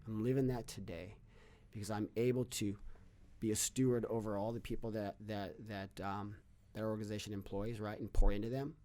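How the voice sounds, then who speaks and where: A man's voice: fairly low pitch, level tone, a little fast, warm tone. A middle-aged man, a guest on a podcast, talking earnestly and telling stories, often repeating and restarting his words. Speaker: podcast guest, fitness business owner. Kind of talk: casual interview storytelling.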